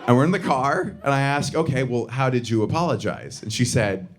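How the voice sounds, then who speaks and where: A man's voice: animated, a little fast. Sardonic man doing stand-up. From Southern US. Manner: sardonic, punchy delivery with sudden high-pitched outbursts. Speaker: stand-up comedian. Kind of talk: stand-up comedy set. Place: theater stage before a live audience. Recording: live stage recording with audience noise.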